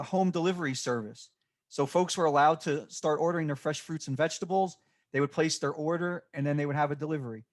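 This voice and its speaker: A man giving a recorded slide presentation, speaking off the cuff and halting often with fillers and restarts. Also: fairly high pitch. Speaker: extension presenter.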